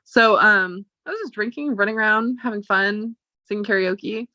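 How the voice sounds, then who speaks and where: A woman's voice: mid-range voice, normal speed, pushed and bright, no echo. A woman vlogging, telling a personal story in a casual, chatty way full of "like" and retold dialogue. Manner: chatty, full of "like" and quoted retellings. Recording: dull lo-fi audio.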